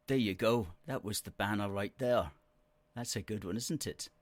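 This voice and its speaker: A middle-aged man hosts a live show, reading viewer comments aloud and answering with emphatic, repeated words. His voice sits fairly low. The recording is dry and close, with almost no room sound. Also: no room sound. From Scotland. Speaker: host.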